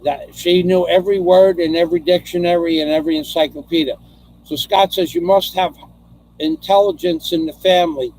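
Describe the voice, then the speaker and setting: A man's voice: a little high, steady tone, brisk, a little mellow. A middle-aged man hosting a casual chat, telling rambling stories and reading out viewer comments, often repeating himself as he goes.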